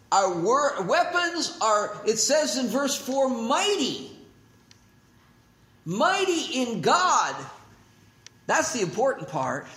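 A man preaching a sermon as pastor, swinging from emphatic declarations to hushed, slow asides. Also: extremely high pitch, roomy sound.

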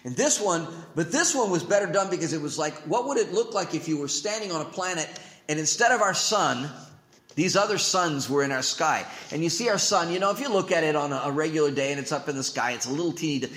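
A man preaching a sermon as pastor, swinging from emphatic declarations to hushed, slow asides. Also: fairly high pitch, animated, roomy sound.

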